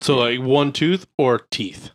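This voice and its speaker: A young man co-hosts a casual podcast, rambling through crude hypotheticals with constant fillers. His voice is mid-pitched and the sound is close and dry. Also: takes it slowly, no room sound. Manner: rambling, full of "like". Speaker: podcast co-host.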